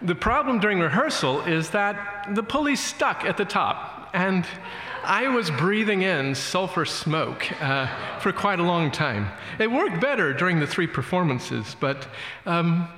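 A man preaching a sermon as a pastor, telling a story in a relaxed, conversational way with many fillers. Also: a little high, a little slow, few pauses. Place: church. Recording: echoey church hall.

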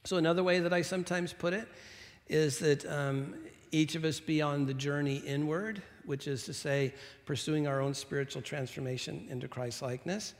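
Conversational middle-aged pastor in a reverberant hall. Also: male voice, fairly high pitch, steady tone, moderate pace. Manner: conversational, self-deprecating, with restarts and asides. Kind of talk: sermon. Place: church sanctuary.

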